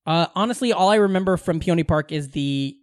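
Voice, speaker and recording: A young man from Omaha in the American Midwest co-hosts a podcast, chatting casually and telling animated stories while swearing freely and often. His voice is fairly high and fairly quick, recorded at studio quality with no room sound.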